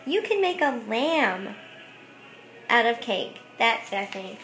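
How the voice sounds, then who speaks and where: Giggly woman vlogger, higher voice, chatty and full of "like", in an echoey room. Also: lively intonation, unhurried, fairly bright tone, slight background noise. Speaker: craft vlogger. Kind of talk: casual chat showing thrift finds.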